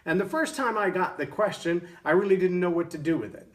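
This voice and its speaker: A man's voice: high voice, brisk, a bit bright, distant mic. Earnest man telling a story. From Texas, USA. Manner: earnest, often restarts with repeated words. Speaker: show host giving leadership lessons. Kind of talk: storytelling motivational talk.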